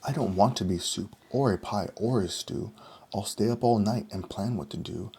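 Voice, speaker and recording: A man's voice: on the low side, normal speed, darkish tone, a little hiss or hum, close to an everyday voice. A man voicing a cheerful, kind young pumpkin boy in a storybook read-aloud, speaking in an eager, friendly way.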